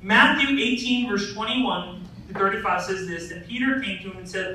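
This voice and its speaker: A man's voice: high-pitched, normal speed, sharp tone. A man preaching a sermon as pastor, talking conversationally with frequent "right?" asides and stories about his family. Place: church sanctuary. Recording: echoey hall, voice from a distance, faint noise.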